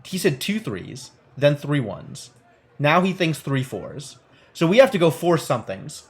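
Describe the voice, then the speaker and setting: A man's voice: on the high side, sing-song, measured pace. A male game streamer reading a text game aloud and thinking through it, playful and wry, with casual commentary.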